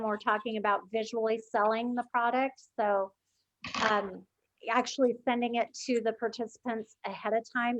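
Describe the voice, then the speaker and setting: A woman taking part in a video call explains a sales point in a plain, matter-of-fact way. Her voice sits a little higher than most. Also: poor audio. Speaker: call participant. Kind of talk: instructional remarks on a video call.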